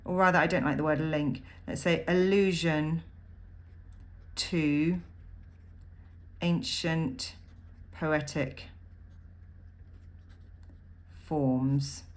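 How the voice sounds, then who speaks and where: A woman teaching a poem in a recorded lesson, thinking aloud with frequent ums and pausing as she annotates notes on the page. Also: low voice, fairly even intonation. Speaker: literature teacher. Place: at a desk writing notes.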